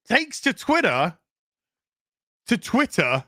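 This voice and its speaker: A man hosting a casual commentary show from his kitchen, ranting in an animated, sarcastic way and swearing freely. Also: a little high, slow, dry recording, studio quality. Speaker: show host. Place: home kitchen.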